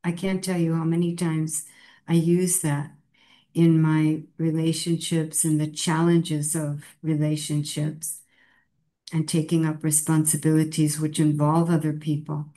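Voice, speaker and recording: Slow, dark-voiced woman musing. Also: low-pitched, level tone. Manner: slow, thoughtful, with laughs. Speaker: spiritual teacher. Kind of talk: reflective conversation.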